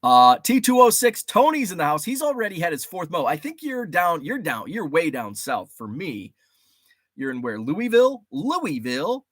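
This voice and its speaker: A man hosting a casual livestream, rambling and animated, greeting viewers from the chat, a bit stuffy from allergies. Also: high-pitched, normal speed, no room sound, studio quality. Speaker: livestream host. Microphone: studio mic.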